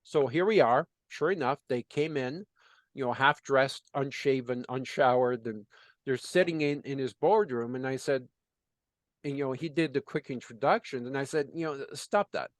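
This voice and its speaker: A man's voice: mid-range voice, normal speed, no room sound. A man working as a business consultant, telling a story in conversation and acting out the dialogue with lots of "you know" fillers.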